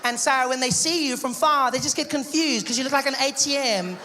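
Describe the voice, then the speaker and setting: Bright-voiced woman doing stand-up. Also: sits high, brisk. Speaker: stand-up comedian. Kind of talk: stand-up routine.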